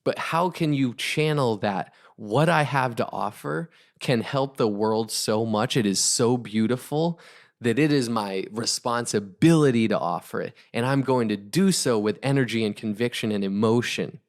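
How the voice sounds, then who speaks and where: A man's voice: medium pitch, moderate pace. A man co-hosting a podcast, giving an emphatic, fervent motivational talk and repeating phrases for punch. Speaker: podcast co-host.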